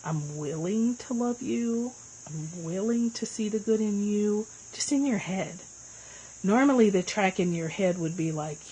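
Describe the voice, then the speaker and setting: A woman hosting a casual livestream, chatting with viewers and answering their comments with lively swings in pitch. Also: a little hiss or hum, rough recording. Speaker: livestream host.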